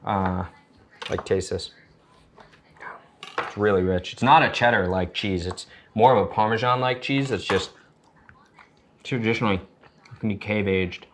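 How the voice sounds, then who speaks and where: A man's voice: on the low side, fairly even intonation, a little slow, pauses often, a little hiss or hum, rough recording. A chatty, jokey man hosting a casual cooking demonstration in a home kitchen. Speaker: chef host. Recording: loud sizzling pan behind voice. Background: frying and sizzling.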